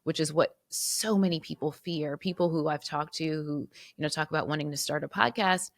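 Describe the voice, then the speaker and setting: A woman's voice: low voice, fairly quick, dry recording. A woman hosting her podcast solo, reflecting earnestly and fighting back tears, with restarts and repeated words. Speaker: podcast host.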